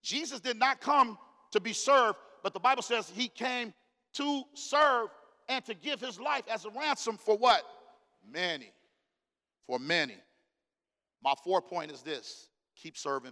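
Middle-aged male pastor, high tense voice, casual slang preaching, long church-hall echo. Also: a little slow, long pauses. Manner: animated preaching, calls out to the congregation; casual slang-filled delivery. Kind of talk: sermon. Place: church sanctuary.

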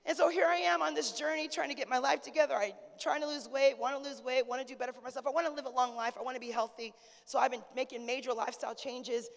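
A woman pastor preaching a sermon in a conversational, humorous way, calling out to the congregation. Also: fairly high pitch. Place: church sanctuary. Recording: long church reverb.

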